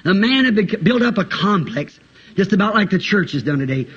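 A man's voice: high-pitched, very animated, fairly quick, fairly bright tone, husky. A man preaching a fervent, urgent sermon to a congregation, recorded on a dull lo-fi 1960s tape. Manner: fervent, urgent, breaks into song. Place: church with congregation.

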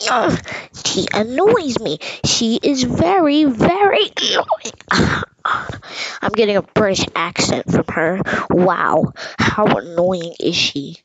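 A high, wildly swooping voice of an excitable, lovestruck hamburger character, played by a woman. It lurches from shrill squeals to sulky grumbles, and it drags its words out slowly in an over-the-top comic reaction. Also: husky, dull audio, full character voice. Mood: annoyed. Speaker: reaction commentator. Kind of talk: comedic reaction commentary in character.

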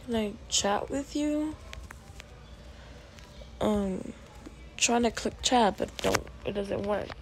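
Slow-talking woman narrating her gameplay. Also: mid-range voice, background noise. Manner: chatty, bursts into excited yelling at the game. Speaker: gaming video creator. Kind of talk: casual gameplay commentary.

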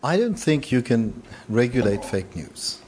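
A man's voice: mid-range voice, very animated, unhurried, darkish tone, a little hiss or hum. A man on a conference panel, a media owner, talking in an emphatic, rousing way with frequent repeats. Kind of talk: panel discussion. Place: large conference hall.

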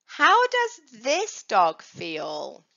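A woman's voice: fairly high pitch, wildly swooping pitch, very slow, gravelly, pushed and bright. A woman teaching young children about dog safety, coaxing answers with questions and playful prompts. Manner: sing-song, coaxing questions to kids. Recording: dull lo-fi recording.

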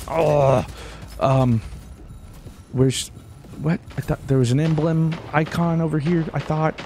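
A man giving casual gameplay commentary as a YouTuber, excitable, yelping and talking to himself as he plays. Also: a little high, slow pace, gravelly, pauses often, background noise. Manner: excitable, yelps and exclaims, talks to himself. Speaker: gaming YouTuber.

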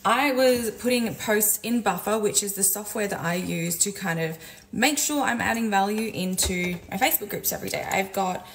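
This mid-range female voice keeps a normal speed on a rough recording with slight background noise. Making coffee at home, the business coach and community owner vents in a frank, profane, exasperated and chatty vlog rant.

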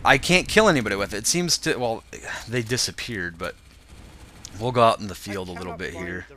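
A man's voice: fairly low pitch, brisk. A young man with a stuffed-up, congested voice, casually talking through a game walkthrough while thinking aloud. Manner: relaxed, thinking aloud with fillers. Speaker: gaming video host. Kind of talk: casual gameplay walkthrough commentary.

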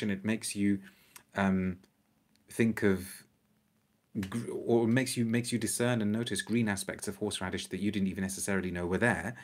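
Chatty low-voiced man reviewing perfumes. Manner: enthusiastic, repeats words while thinking aloud. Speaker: perfume reviewer hosting a live stream. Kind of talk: unscripted live-stream chat reading viewer comments.

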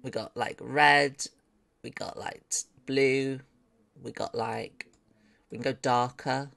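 A woman's voice: rumbling low, steady tone, slow pace, gravelly, fairly bright tone. A woman streaming live as she learns 3D modeling. She thinks aloud, talks to her chat and swears with delight when something turns out well.

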